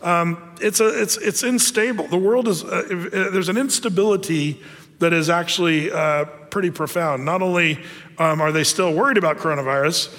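High-voiced male pastor in an echoey hall. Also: moderate pace. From United States. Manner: conversational, animated with frequent fillers. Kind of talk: sermon.

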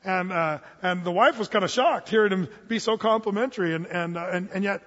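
A male pastor with a high, husky voice delivers a folksy, humorous sermon full of restarts and asides. The sound is dull and washed in long hall reverb, as if from a church sanctuary. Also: fairly quick, a bit bright. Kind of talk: conversational sermon.

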